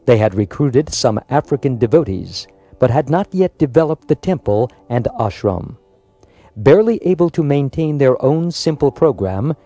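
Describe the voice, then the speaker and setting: Lively, mellow-voiced male storyteller. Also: medium pitch, no echo. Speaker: audiobook narrator. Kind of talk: scripted biographical narration.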